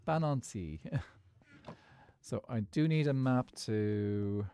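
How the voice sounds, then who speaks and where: An Irish man streaming Minecraft speaks slowly in a clear, resonant, mid-range voice with a dark tone. He chats casually and rambles while gaming and reading chat, laughing often.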